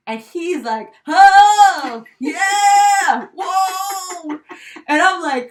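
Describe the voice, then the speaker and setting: A young woman co-hosting a podcast, telling a personal story in casual chat, heartfelt and animated, with many fillers like "you know" and "right?". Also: on the high side. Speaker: podcast co-host. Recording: voice a bit distant from the mic.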